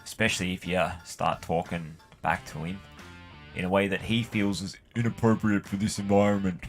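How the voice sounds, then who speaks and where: An Australian man with a fairly low voice chats while he games. He rambles and swears freely and fills his talk with "like" and "you know". His tone stays loose and offhand. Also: steady tone, moderate pace, faint music behind. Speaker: gaming channel host. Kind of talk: casual storytelling while playing a game.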